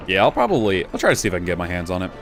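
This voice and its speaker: A man casually commenting on his gameplay as a streamer, relaxed and rambling, swearing now and then. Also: deep voice, rapid-fire, soft background music.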